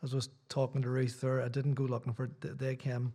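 Middle-aged Irish preacher, chatty and rambling, mid-pitched male voice, church talk. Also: monotone, fast, dark tone. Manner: rambling, self-deprecating, chatty asides. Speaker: visiting preacher. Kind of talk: sermon with casual chat.

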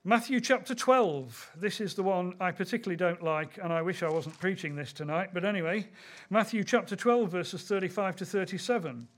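High-voiced preacher. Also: male voice, fairly quick. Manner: conversational storytelling, reading scripture aloud. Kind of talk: sermon.

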